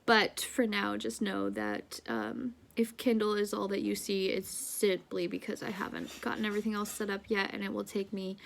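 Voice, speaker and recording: A woman in her thirties giving a casual spoken update to viewers, relaxed and chatty, with fillers. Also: mid-range voice, moderate pace, vocal fry, hardly any pauses, a little hiss or hum. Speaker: author and vlogger.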